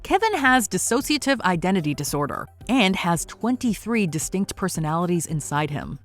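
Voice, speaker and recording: Woman reading a top-ten list, upbeat, bouncy delivery, bit low. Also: very animated, moderate pace, soft background music. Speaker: narrator. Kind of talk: scripted countdown narration.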